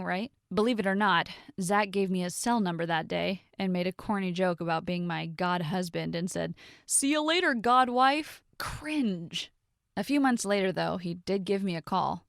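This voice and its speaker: A young woman narrating a first-person story in a scripted, expressive way, with sarcastic asides. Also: lowish voice, vocal fry, no room sound, clean studio sound.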